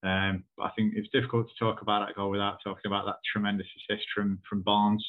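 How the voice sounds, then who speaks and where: Fast, flat man on a tinny line. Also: lowish voice. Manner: flat, dry, fast-talking analysis. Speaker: podcast co-host. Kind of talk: casual football podcast chat.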